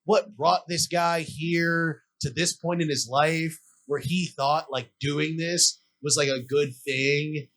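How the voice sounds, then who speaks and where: A young man co-hosting a podcast, telling a story in casual chat, animated, laughing and swearing freely. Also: a little high, slow pace, few pauses. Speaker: podcast co-host.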